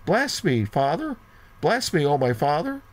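A man's voice: medium pitch, normal speed, voice pushed up, natural voice. A man reading as a pleading, grief-stricken son. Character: grieving adult man pleading with his father.

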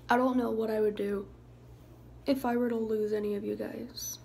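A young woman talking to her viewers in a soft, halting way, sometimes dropping into a hushed, whispery voice. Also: on the high side, little pitch movement, gravelly, a little hiss or hum, poor audio. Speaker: YouTuber. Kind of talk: emotional vlog talk to viewers.

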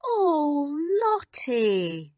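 A woman's voice: fairly high pitch, huge pitch swings, slow pace, breathy edge, dry recording, studio quality, voice pushed up, exaggerated voice. A woman voicing a flustered, desperate schoolteacher who pleads almost in tears in a storybook reading.

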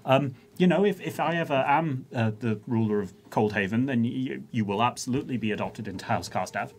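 A man's voice: medium pitch, fairly quick, slight background noise. Stammering man playing a tabletop game. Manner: stammering, flustered restarts. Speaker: player. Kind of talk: in-character tabletop role-play.

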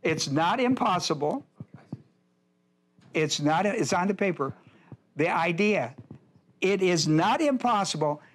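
Male pastor, higher-pitched voice, emphatic Bible-class teacher who repeats his points. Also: lively intonation, slow, pauses often, slight background noise.

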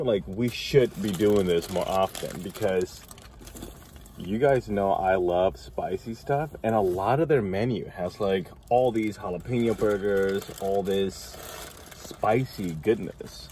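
A man's voice: lowish voice, takes it slowly, warm tone, slight background noise. A man co-hosting a food channel, chatting casually and mumbling while he eats in a parked car. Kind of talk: casual mukbang chat while eating.

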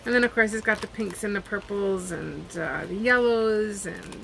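A woman's voice: medium pitch, moderate pace, creaky, noisy background. A woman chatting casually at home as she unboxes and reviews craft kits, rambling and trailing off mid-sentence.

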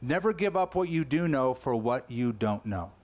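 A man's voice: medium pitch, expressive, moderate pace, darkish tone. Emphatic man preaching a sermon. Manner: emphatic, conversational preaching with rhetorical questions. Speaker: pastor.

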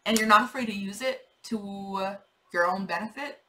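Young woman doing a tarot reading, bright voice, rambly and chatty, swears a lot. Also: medium pitch, brisk, a little hiss or hum, rough recording. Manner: chatty, rambling, repeats herself, swears, laughs often. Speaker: tarot reader.

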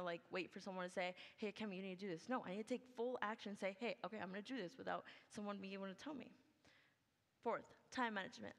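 A woman's voice: medium pitch, fairly bright tone. A young adult woman giving a senior project presentation, chatty and upbeat, full of "like" and "okay". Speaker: student presenter. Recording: long hall reverb.

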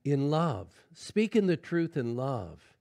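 A middle-aged man preaching a sermon as pastor, folksy and conversational, swinging from loud exclamations to quiet asides and often calling out "Amen?". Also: a little high, very animated, takes it slowly, creaky. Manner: folksy preaching with frequent "Amen?" call-outs.

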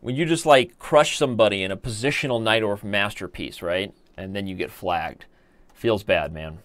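A man's voice: lowish voice, moderate pace, fairly bright tone, no room sound. A man in his thirties hosting a live stream, chatting casually and joking while he reads viewer comments aloud. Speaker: chess streamer host.

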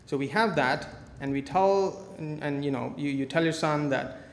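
A man's voice: a little high, moderate pace, creaky. A man giving a live coding talk at a conference, with playful, joking asides. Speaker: conference speaker. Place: large conference hall. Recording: echoey hall, faint noise.

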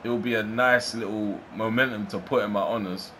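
Guy commentating his own gameplay, lowish voice, gets hyped and swears a bit, faint hum behind. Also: brisk. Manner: excitable, swears, laughs at his own play. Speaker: gaming YouTuber.

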